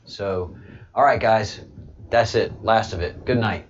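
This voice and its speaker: A man's voice: on the low side, unhurried. A man hosting a casual live chat stream, rambling with chuckles and many hesitant fillers. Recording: dull lo-fi stream audio.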